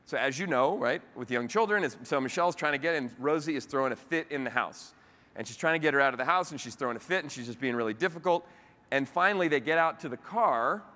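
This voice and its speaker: A man giving a motivational keynote speech, telling stories with animated asides to the audience. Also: medium pitch. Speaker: keynote speaker. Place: large convention hall. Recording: long hall reverb.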